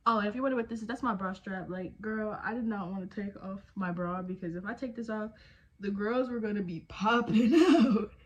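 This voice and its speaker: A woman's voice: mid-range voice, a little fast, highs cut off, a little hiss or hum. A woman, chatting casually and jokingly at home while doing her makeup. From Texas. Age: 20s. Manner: chatty, slangy, jokey, with trailing fillers. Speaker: beauty vlogger. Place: home, indoors.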